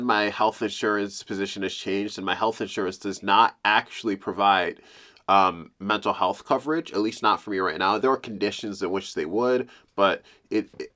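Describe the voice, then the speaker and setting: Young adult male vlogger, confessional and halting; lowish pitch, bright tone. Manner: halting, emotional, open. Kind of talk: confessional talk to camera.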